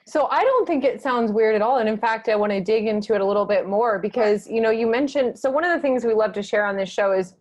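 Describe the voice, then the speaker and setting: Woman podcast host, a touch high-pitched, enthusiastic, loose with swearing. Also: fast talker, few pauses, a little mellow. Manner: enthusiastic, swears casually, gasps and laughs. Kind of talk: casual podcast interview.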